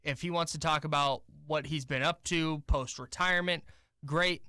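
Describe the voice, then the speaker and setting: Co-host, male, slightly higher voice, smooth and bright, wry grumpy banter, studio mic. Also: fairly even intonation, moderate pace, no room sound. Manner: grumpy, wry, reads ads live. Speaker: radio sports show co-host. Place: radio studio. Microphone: studio microphone.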